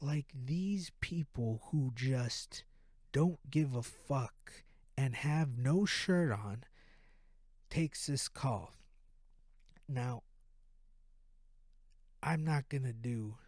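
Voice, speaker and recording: A man hosting a podcast, telling a profane comedic rant in an animated way from a room at home. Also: mid-range voice, no room sound, clean studio sound. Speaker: podcast host.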